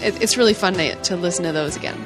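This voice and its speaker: A woman co-hosting a podcast in casual chat, bubbly and excitable as she reads out announcements. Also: lowish voice, fast, over music. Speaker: podcast co-host.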